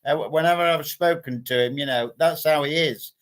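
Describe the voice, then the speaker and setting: Relaxed man co-hosting a podcast. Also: a little high, fairly quick. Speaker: podcast co-host. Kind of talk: casual podcast chat.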